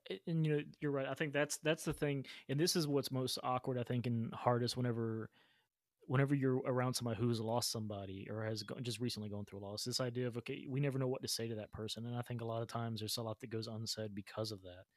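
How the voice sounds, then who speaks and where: A man's voice: mid-range voice, steady tone, fast, dry recording, clean studio sound. A man hosting a podcast interview, reflective and repeating words as he thinks aloud. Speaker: podcast host. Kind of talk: casual interview talk.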